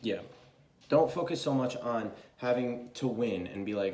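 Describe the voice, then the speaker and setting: A man's voice: medium pitch, a little slow, a little mellow, roomy sound. A young man giving a casual, chatty tarot reading, swearing freely and talking loosely. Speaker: tarot reader.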